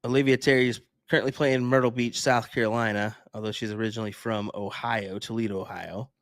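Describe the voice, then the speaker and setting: A man's voice: fairly low pitch, little pitch movement, quick pace. A man co-commentating a darts match live, talking in a laid-back, casual way with dry humor.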